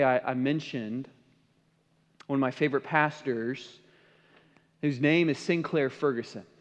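A man preaching a sermon as pastor, swinging between impassioned emphasis and hushed, softened passages. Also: fairly high pitch. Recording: dull sound with long hall reverb.

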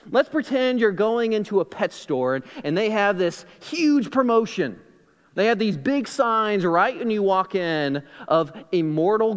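A man's voice: sits high, in a large hall. A man preaching a sermon as a pastor, emphatic, with rhetorical questions and acted-out dialogue.

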